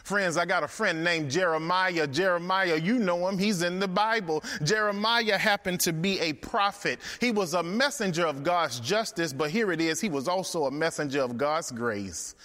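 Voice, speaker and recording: A man's voice: high-pitched, normal speed, hardly any pauses, sharp tone, big-room sound. A man preaching a sermon, emphatic and rhythmic, repeating phrases for effect.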